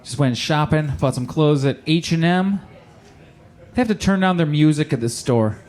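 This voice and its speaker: A young man from Michigan doing a stand-up comedy set, with deadpan punchlines and quick put-on voices for the people in his stories. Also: fairly high pitch. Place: small comedy club with live audience.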